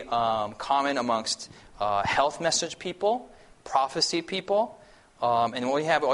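A man's voice: medium pitch, fairly bright tone. Male preacher, conversational sermon delivery with frequent check-ins and a mid-range voice. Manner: acts out quoted voices for illustration. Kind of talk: sermon-style teaching.

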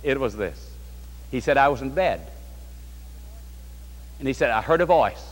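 A man's voice: medium pitch, lively intonation, a little slow, big-room sound. A man preaching a sermon to a large congregation, from New York State, in a fervent, rising and falling delivery. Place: large hall before a congregation.

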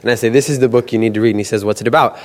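A young man giving an animated testimony, acting out the voices in his stories. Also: mid-range voice, rapid-fire. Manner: animated storytelling, acts out quoted voices. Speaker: student book canvasser. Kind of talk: testimony talk. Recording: long hall reverb.

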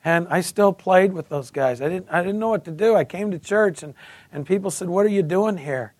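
A husky, high-voiced man in his fifties delivers a testimony sermon. He tells his story with animation, stumbling over repeated words and switching into other voices. The sound is dry and close. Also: fairly quick, darkish tone, dry recording. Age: 50s. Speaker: preacher giving testimony.

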